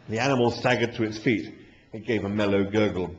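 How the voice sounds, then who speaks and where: A man reading comic fiction aloud live in a dry, wry, animated manner. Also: lowish voice, fairly quick, a little hiss or hum. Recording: dull lo-fi live recording.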